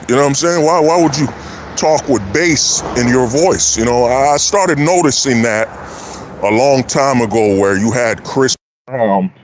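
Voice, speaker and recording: A man's voice: mid-range voice, measured pace, a little hiss or hum. A man hosting a livestream, giving a preachy, repetitive casual monologue. He keeps asking his listeners whether they follow him. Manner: preachy, repetitive, keeps asking "you know what I'm saying". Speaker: livestream host.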